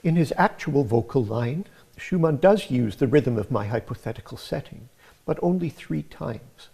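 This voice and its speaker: Guy giving a music lecture, gravelly and kinda husky, calm and explaining step by step. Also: medium pitch. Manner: measured, explanatory. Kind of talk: scripted academic narration.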